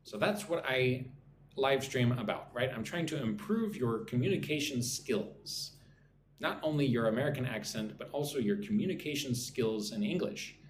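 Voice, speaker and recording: A man teaching English on a live stream, drilling phrases slowly and greeting viewers from the chat, a little sleepy. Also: mid-range voice, expressive. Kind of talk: live-streamed pronunciation lesson. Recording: echoey room with faint background noise.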